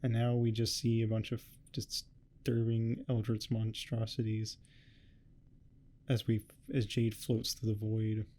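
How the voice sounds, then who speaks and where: A man giving a rambling, heavily swearing casual recap of a webcomic, tossing off quick quotes of the characters. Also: lowish voice, monotone, mellow. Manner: swears a lot, rambling and offhand. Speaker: host. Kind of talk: casual comic recap commentary.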